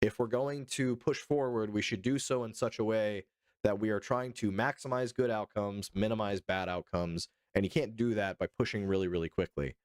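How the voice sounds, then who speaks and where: A man from the United States talks casually on his live stream, swearing freely and joking as he answers chat. His voice sits fairly low with a smooth, clear tone. The sound is dry and close. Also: steady tone, moderate pace, no room sound.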